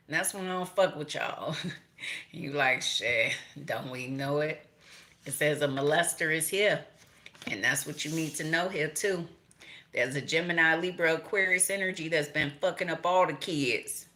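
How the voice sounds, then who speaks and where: A woman's voice: deep voice, normal speed, sharp tone. A middle-aged woman from Chicago doing a casual tarot reading, talking straight to viewers, swearing freely and laughing. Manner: profane, laughing, talks to viewers directly. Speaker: tarot reader.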